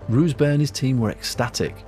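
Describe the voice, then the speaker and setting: A man delivering measured, scripted documentary narration in a storytelling manner. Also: medium pitch, a little mellow, faint music behind.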